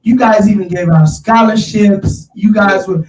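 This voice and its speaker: Excitable slangy guy hosting a chat, high voice, sits back from the mic in an echoey room. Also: measured pace, far from the mic, slight background noise. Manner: animated, slangy, addresses listeners as y'all. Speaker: show host. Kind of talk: casual chat. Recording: roomy, off-mic sound.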